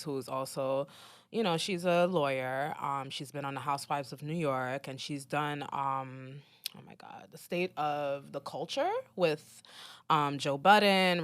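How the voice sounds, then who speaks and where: A young woman co-hosting a podcast in casual chat, animated and teasing, with lots of ums. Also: lowish voice, no room sound, clean studio sound. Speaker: podcast co-host.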